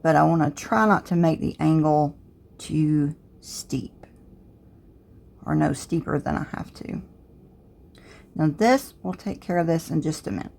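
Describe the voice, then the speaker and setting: A middle-aged woman with a Southern US drawl talks through a hands-on crafts demonstration. Her voice sits low and has a gravelly, creaky edge. She thinks aloud in a relaxed way as she works, stopping and starting between steps. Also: fairly quick, few pauses. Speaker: crafts tutorial host. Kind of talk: casual step-by-step tutorial narration.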